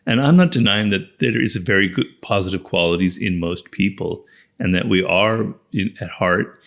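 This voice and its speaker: American male guest, low and gravelly, reflective and emphatic. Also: normal speed, fairly bright tone. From United States. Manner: reflective, builds points with repeated phrases. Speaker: guest author. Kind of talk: conversational interview.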